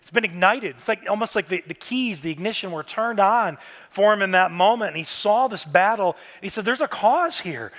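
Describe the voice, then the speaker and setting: A man in his thirties delivers a Father's Day sermon with a high, light voice. He talks casually and animatedly, telling stories and sometimes breaking into shouts. The sound carries a long church-hall reverb. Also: fairly quick. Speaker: pastor. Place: large church auditorium.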